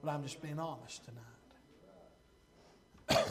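A man preaching a sermon, reading scripture slowly and stopping for fervent, folksy asides that swing from loud to hushed. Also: on the high side, lively intonation, gravelly, very noisy. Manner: reads scripture slowly and deliberately.

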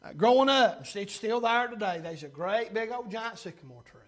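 A man with a drawl preaches in a remarkably high voice. He delivers his sermon fervently, filling pauses with drawn-out 'uh' sounds, swelling to loud bursts and then sinking low. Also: lively intonation. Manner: fervent, pausing with 'uh' and surging louder then dropping low. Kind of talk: revival-style sermon.

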